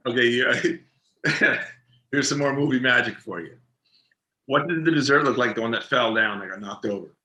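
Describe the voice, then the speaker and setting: A man, an actor and interview guest, chatting casually and telling animated stories, laughing often and repeating words as he goes. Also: mid-range voice, moderate pace. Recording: roomy echoey room sound.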